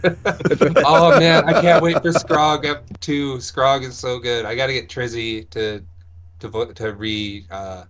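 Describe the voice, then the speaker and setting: A man co-hosting a casual podcast chat, excitable and laughing often, on a home mic. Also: medium pitch, slow pace. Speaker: podcast co-host.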